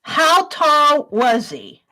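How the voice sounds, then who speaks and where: Woman, livestream host, high bright voice, unhurried, reads viewer questions aloud and praises them. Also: wildly swooping pitch.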